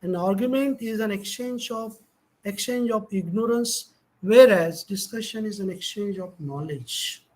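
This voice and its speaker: The speaker is a middle-aged man with an Indian English accent whose high voice comes across a little mellow and a little slow. Lecturing college students motivationally, he stays emphatic and shifts tone to show stress, though the recording is rough.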